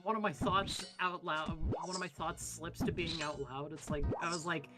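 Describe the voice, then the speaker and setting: A guest on a gaming stream with a relaxed Pacific American accent, rambling casually and often restarting sentences. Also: medium pitch, moderate pace, few pauses, over music. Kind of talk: casual chat while gaming.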